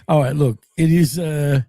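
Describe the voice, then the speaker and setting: High-voiced man, rambling and swearing. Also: dark tone, no room sound. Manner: rambling storyteller, swears a lot and laughs often. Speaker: stream host. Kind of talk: casual live-stream chat.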